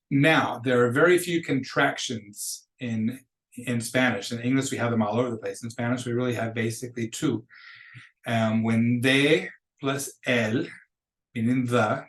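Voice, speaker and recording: A man's voice: medium pitch, fairly bright tone, roomy sound. A man teaching a recorded lesson for students, patiently explaining with examples and repeating phrases. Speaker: Spanish teacher.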